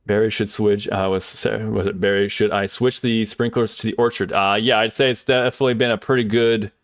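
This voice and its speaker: A man's voice: on the low side, steady tone, fairly quick, no echo, studio quality. A man streaming live, chatting casually and cheerfully with his viewers, full of fillers and asides.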